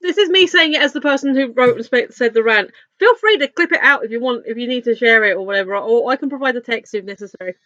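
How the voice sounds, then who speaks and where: A woman co-hosts a casual podcast, chiming in with quick, laughing remarks. Her voice is bright and sits a little high, recorded dry and slightly dull. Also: no room sound. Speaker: podcast co-host.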